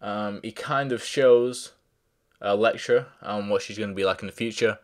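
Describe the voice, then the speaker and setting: A man's voice: lowish voice, moderate pace. A man giving a casual spoken review, rambling with many fillers and restarts and stopping to apologise when he forgets names. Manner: loses track of names, apologises. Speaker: show reviewer.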